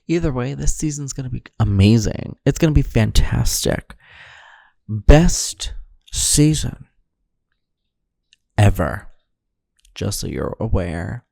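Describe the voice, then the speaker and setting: A man hosting a podcast, talking solo in a groggy, deadpan, rambling way in the early morning. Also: medium pitch, moderate pace, gravelly, hardly any pauses, no echo, clean studio sound. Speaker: podcast host. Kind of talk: solo intro monologue.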